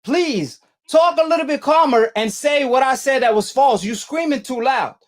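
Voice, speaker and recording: A man's voice: very high voice, normal speed. A man hosting a call-in boxing debate show, combative and slangy, hammering callers with the same challenge. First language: Arabic. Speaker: talk show host.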